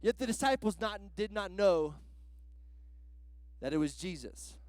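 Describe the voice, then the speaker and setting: A man's voice: high-pitched, expressive, unhurried, darkish tone, no echo. A man preaching a sermon as a guest pastor, in a casual, slangy way that is full of "like" fillers.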